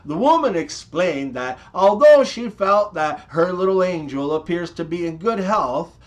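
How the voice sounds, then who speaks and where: A man hosting a comedy channel, telling scripted jokes and one-liners in deliberate setups with pauses before each punchline. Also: sits high, lively intonation.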